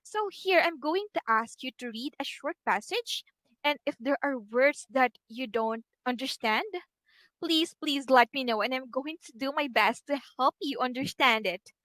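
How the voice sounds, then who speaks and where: A woman teaching a one-on-one online English lesson, patient and encouraging, pausing to type corrections as she talks. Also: high-pitched, fairly bright tone, no room sound.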